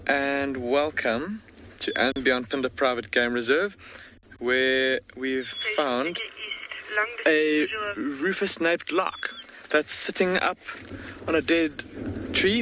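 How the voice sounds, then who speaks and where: Man safari guide opening a live broadcast outdoors; measured welcoming delivery, higher voice, heavy ambient noise. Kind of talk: live nature broadcast introduction. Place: outdoors in the bush.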